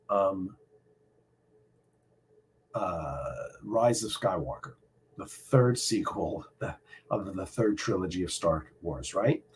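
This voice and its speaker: A middle-aged man hosting a casual live stream from home, speaking personally and reflectively, halting often with fillers. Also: lowish voice, slightly rough. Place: home room.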